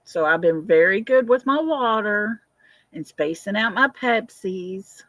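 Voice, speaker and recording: Slow, bright-voiced grandma chatting. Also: female voice, medium pitch, animated, no room sound, dull audio. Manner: chatty, reads viewer comments aloud, laughs often. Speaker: livestream host. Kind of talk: casual livestream chat.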